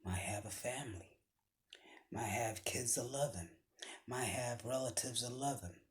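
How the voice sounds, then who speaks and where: A man giving a motivational speech with a preaching cadence, often dropping his voice to a hushed whisper for emphasis. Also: mid-range voice, measured pace. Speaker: motivational speaker.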